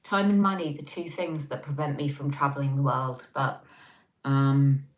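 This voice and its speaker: A woman's voice: extremely low pitch, fairly even intonation, moderate pace, roomy sound, poor audio. A woman hosting a casual livestream, reading out chat messages and answering them in a chatty, self-mocking way with many ums. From Scotland.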